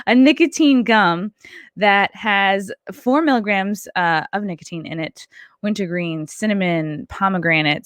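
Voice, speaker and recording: A woman's voice: fairly low pitch, no echo, studio quality. A woman hosting her podcast and doing stand-up, chatting casually and reading sponsor ads, a little out of breath and laughing at her own slips. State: a bit out of breath. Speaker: podcast host and stand-up comedian.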